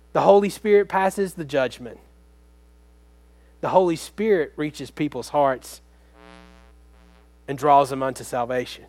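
A male pastor delivers a sermon in an earnest, conversational way, often putting questions straight to his congregation. His voice sits a little high for a man and sounds dry and close, with no room echo. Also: darkish tone.

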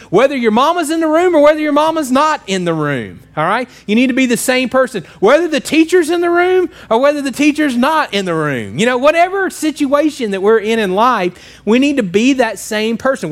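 A man's voice: extremely high pitch, very animated, brisk, hardly any pauses. A man preaching a sermon to his congregation in a church, talking conversationally and often checking in with questions.

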